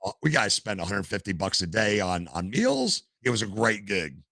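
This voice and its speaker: Animated older man, gravelly storyteller. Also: lowish voice, moderate pace, no room sound. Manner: animated storyteller, acts out quotes. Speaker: podcast guest, gamer and streamer. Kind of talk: casual storytelling interview.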